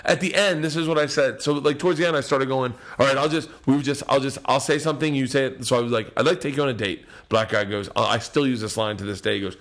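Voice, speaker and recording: Profane, animated man telling stage stories. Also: medium pitch, fast, few pauses. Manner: animated, profane, swings between loud and hushed. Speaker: guest comedian. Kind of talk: casual podcast storytelling.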